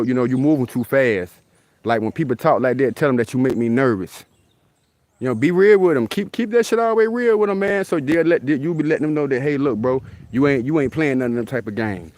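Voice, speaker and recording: A man's voice: mid-range voice, a little mellow, no room sound. A man talking casually in a loose, repetitive street style, recording himself outdoors in a rural spot. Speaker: vlogger. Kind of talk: casual outdoor vlog talk. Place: outdoors in a rural area near deer.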